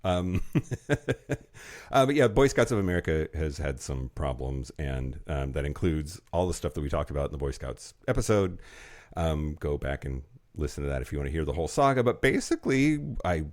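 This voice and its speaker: A man co-hosting a podcast in casual, playful, animated banter. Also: a bass voice, normal speed. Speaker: podcast co-host. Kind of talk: casual chat.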